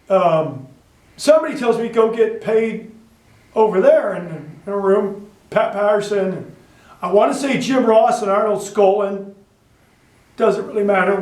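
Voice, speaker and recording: A man's voice: sits high, far from the mic. A man, a professional wrestler, telling backstage stories in an interview and acting out what others said. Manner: animated storyteller who acts out others' lines. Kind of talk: storytelling interview. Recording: echoey room, voice from off-mic.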